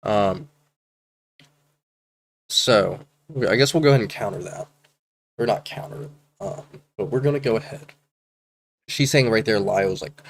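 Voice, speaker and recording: A man's voice: lowish voice, slight background noise. A man streaming, reading chat messages aloud in casual commentary, hesitant and anxious, with casual swearing.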